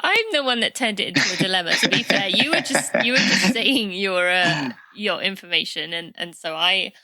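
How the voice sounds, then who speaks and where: A woman's voice: medium pitch, normal speed, over a noisy crowd. A woman hosting a podcast interview, chatty and playful, laughing easily. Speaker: podcast host. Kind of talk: casual interview chat.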